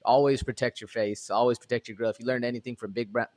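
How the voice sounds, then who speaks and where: A man co-hosting a podcast, giving relaxed, rambling fight analysis, full of fillers and "man". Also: medium pitch, fast. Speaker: podcast co-host. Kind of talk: casual MMA fight analysis.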